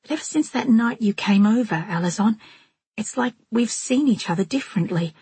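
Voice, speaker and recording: A woman reading the part of an earnest, upset teenage girl who confides in a rushed, emotional way, with a husky voice. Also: a little high, animated, darkish tone, no echo, pitched above the performer's own voice, exaggerated voice.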